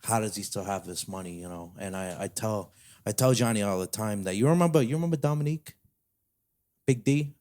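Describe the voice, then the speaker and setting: A man's voice: fairly low pitch, fairly quick, darkish tone, voice pushed down, lightly acted. A man voicing a boastful New York mob boss, a gambling uncle, in a put-on New York Italian mafia accent. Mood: boastful, conspiratorial.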